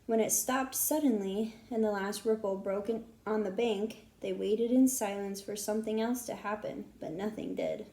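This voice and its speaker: Gravelly woman reading a storybook. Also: medium pitch, normal speed, few pauses. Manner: steady, expressive reading. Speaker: audiobook narrator. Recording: roomy echo.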